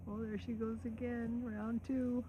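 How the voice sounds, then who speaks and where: A woman filming her farm animals, chatting casually and talking to them in a gentle, coaxing voice. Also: on the high side, lo-fi sound. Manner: gentle baby-talk to animals, frequent soft laughs. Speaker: farm vlogger. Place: outdoors on a small farm. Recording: outdoor farm noise, animals behind. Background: animal sounds and outdoor ambience.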